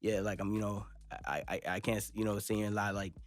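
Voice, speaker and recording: A young adult rapper from Los Angeles speaks casually in a recording studio interview, his laid-back West Coast American accent carrying a lowish, steady, fast voice. He rambles with lots of fillers.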